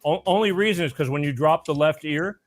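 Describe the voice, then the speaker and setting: A man's voice: a little high, a little fast, faint music behind. A man hosting a casual talk show, rambling through stories with lots of restarts. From Florida. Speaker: host. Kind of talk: casual chat.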